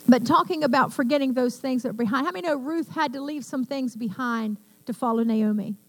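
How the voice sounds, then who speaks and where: This older female preacher tells stories fervently and performs each quoted line, backed by piano music. Her high voice runs a little fast, and the recording is dry.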